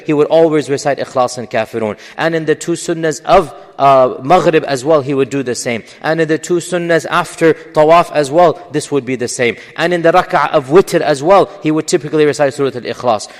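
A man's voice: medium pitch, in a large hall. A man giving a religious lecture in English, explaining with emphasis and frequent fillers. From English-speaking. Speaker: Islamic lecturer.

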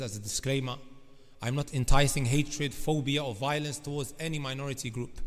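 A man preaching a sermon, emphatic and often turning to address the congregation directly. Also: a little high. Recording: long reverb of a large hall.

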